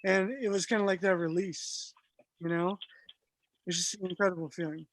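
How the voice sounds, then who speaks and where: A man guest telling a personal story in a casual, animated way, laughing often and using lots of fillers. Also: sits high, moderate pace, a little hiss or hum.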